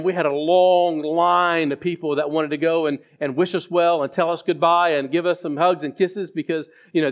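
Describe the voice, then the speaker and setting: A man's voice: on the high side, dull audio. A man preaching a sermon as pastor, telling a story with frequent restarts. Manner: halting storyteller with many restarts.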